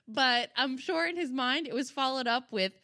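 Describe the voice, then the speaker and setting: A woman's voice: high-pitched, moderate pace, bright, forceful tone, dry recording, studio quality. A woman in her thirties co-hosting a podcast, telling rambling, profane stories in casual chat and laughing often. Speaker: podcast co-host.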